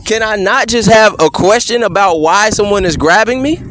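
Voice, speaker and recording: A man cross-examining a police officer, firing off measured, insistent leading questions and tagging many with "correct?". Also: sits high, a bit bright. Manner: pointed leading questions, repeatedly asking "correct?". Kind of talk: courtroom-style cross-examination.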